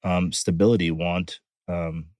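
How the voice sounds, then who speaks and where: A man's voice: sits low, little pitch movement, measured pace, a little mellow, no room sound. A man who is a firefighter and guest on a podcast, talking in casual conversation, blunt and profane with many filler phrases, outdoors. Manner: blunt, profane, frequent "you know".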